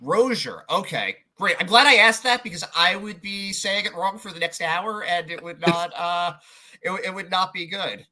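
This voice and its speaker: Bright-voiced chatty podcast host man. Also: high-pitched, normal speed. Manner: chatty, filler-heavy, trailing restarts. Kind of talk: casual interview chat.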